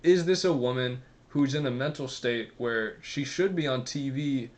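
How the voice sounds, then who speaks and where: A man talks straight to his viewers in a loose, rambling rant. He is sarcastic and profane, and his voice sits at an ordinary middle pitch. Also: moderate pace, a little mellow. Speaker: commentary vlogger. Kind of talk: casual ranting commentary.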